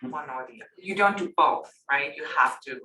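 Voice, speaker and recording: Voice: mid-range voice, fairly quick, sharp tone, a little hiss or hum. An attendee at a training session, asking follow-up questions to check understanding. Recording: distant voice in echoey room.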